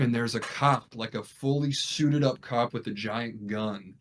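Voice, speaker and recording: A man's voice: medium pitch, measured pace. A young man co-hosting a podcast, telling a story casually among friends and acting out what people said. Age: young adult. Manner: animated, acts out what people said. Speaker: podcast co-host.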